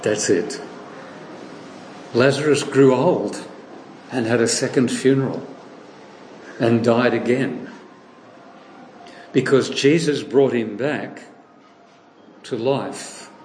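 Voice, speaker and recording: A man preaching a sermon, retelling a story in a lively way and acting out the voices he quotes. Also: medium pitch, takes it slowly, pauses often, reverberant, slight background noise, poor audio.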